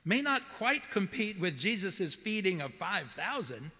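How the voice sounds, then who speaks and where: Pastor, male, Southern accent, high bright voice, earnest measured sermon, long church reverb. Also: sing-song. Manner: earnest, measured preaching with emphatic repetition. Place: church sanctuary.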